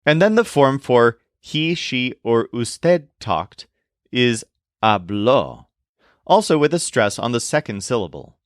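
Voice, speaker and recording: A male teacher narrates a recorded language lesson, his pitch rising and falling with a lively, animated lilt. He talks slowly and carefully, spelling words letter by letter. The voice is dry and close, with no room sound. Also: no echo. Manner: slow, deliberate explanations with spelled-out words.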